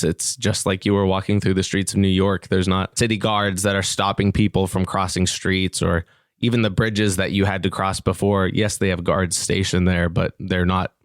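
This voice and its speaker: A man's voice: low-pitched, no echo, clean studio sound. A man running a tabletop game as game master, narrating the scene with a playful manner. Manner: laughs between lines, playful narration.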